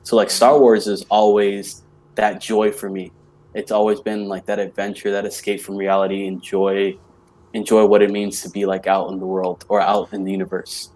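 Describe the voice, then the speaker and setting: A man's voice: lowish voice, little pitch movement, moderate pace, darkish tone. A man as a podcast guest in casual chat, talking with many "like" fillers and laughing easily.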